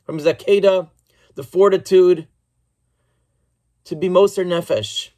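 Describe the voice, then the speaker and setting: A rabbi giving a sermon, telling stories earnestly in a measured, reflective way. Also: male voice, sits high, fairly even intonation, mellow.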